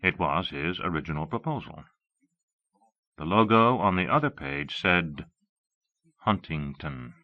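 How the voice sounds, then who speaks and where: A man with a very deep voice narrates an audiobook in a measured, expressive way. His pitch moves in lively swings. The sound is dull and lo-fi, like an old cassette transfer. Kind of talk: scripted narration.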